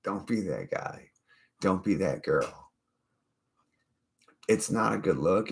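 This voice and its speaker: A man with a low, deep voice rants loosely to his camera. He rambles, swears freely and mocks the people he talks about. The talk is loose and unscripted. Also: lively intonation, slow pace, vocal fry, long pauses. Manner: rambling, profane and mocking. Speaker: vlogger. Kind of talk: casual profane rant.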